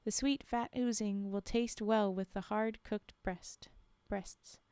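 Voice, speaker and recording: A woman's voice: medium pitch, fairly even intonation, takes it slowly, darkish tone, smooth, no room sound, lightly acted. A woman voicing a greedy, vain male trickster spirit who whines and complains in a storybook reading. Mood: grumbling. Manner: whiny, complaining.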